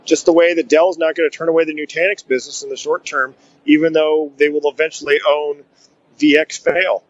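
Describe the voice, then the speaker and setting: Slightly high-voiced guy rambling on a podcast, lots of "you know", muffled lo-fi sound. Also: flat delivery, a little fast, no room sound. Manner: rambling, joking, lots of filler phrases. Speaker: podcast co-host. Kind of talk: casual tech podcast chat. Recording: dull lo-fi audio.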